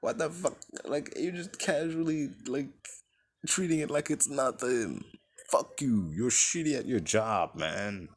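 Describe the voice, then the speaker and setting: A man's voice: medium pitch, measured pace, slight background noise. A man giving a casual, profane movie review, ranting in an exasperated way and acting out what the characters say. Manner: animated, profane, exasperated rant with acted-out quotes.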